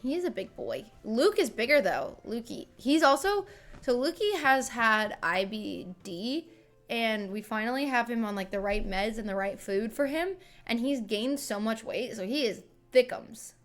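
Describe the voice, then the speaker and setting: A woman's voice: a little high, animated, normal speed, soft background music. A woman in her thirties chatting casually and fondly on a home livestream, bubbly and talkative. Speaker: streamer.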